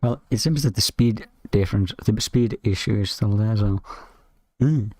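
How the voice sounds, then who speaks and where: Keys tap in the background as a man streams his coding and talks to himself in clipped fragments, swearing whenever something breaks. He sounds lowish and a little mellow, at a moderate pace, with no room sound.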